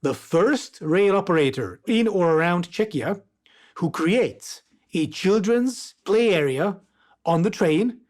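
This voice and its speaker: A man's voice: high voice, expressive, slow pace, darkish tone. A man from Eastern Europe, a guest on a podcast, chatting casually and animatedly with lots of fillers. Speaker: guest, video creator.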